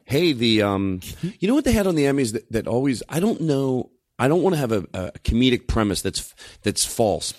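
A comedian hosts a loose podcast chat, telling stories with lots of energy and dropping into quoted voices. His voice sits at an everyday middle pitch and is recorded close and dry, with no room sound. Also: a little fast, few pauses, no echo. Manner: animated storyteller, slips into voices and quotes.

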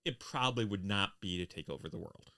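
A man in his fifties co-hosting a podcast, teasing his co-host in a dry, deadpan way. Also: on the low side, fairly quick. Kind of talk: casual comedic chat.

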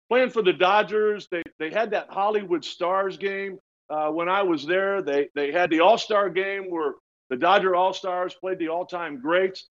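A man in his sixties, a retired pitcher, telling lively stories in an interview, often laughing and restarting his words. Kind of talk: storytelling in casual interview. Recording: dull lo-fi sound.

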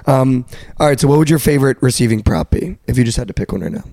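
Gravelly young man telling a story. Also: medium pitch, quick pace, no echo, clean studio sound. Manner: animated storyteller, mimics a stranger flatly. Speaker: podcast co-host. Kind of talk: casual sports betting chat.

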